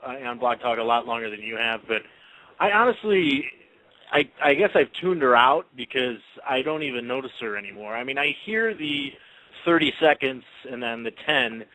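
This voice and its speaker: Hesitant man with a bright voice. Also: medium pitch, expressive, normal speed, rough recording. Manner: hesitant, many fillers, trailing off. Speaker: radio show co-host. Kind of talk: casual chat.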